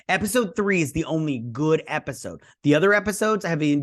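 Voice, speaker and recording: A man's voice: a little high, lively intonation, brisk, hardly any pauses. Rambling American man recapping a show. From Michigan, USA. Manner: rambling, loose retelling, many fillers and restarts. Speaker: host. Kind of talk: casual episode recap and review.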